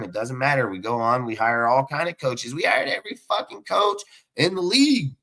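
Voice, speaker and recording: A man's voice: mid-range voice, animated, brisk, pushed and bright. A man on a sports podcast panel, ranting heatedly about his football team, swearing constantly and rambling from point to point. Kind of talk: profane sports rant.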